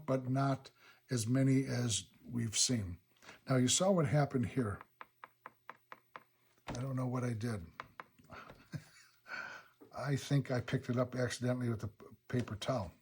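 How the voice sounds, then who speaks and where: A man teaching watercolor, talking calmly through each brushstroke of a painting demonstration and thinking aloud as he works. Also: mid-range voice, a little slow, slight background noise. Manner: relaxed, thinking aloud step by step. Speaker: watercolor instructor. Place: painting studio.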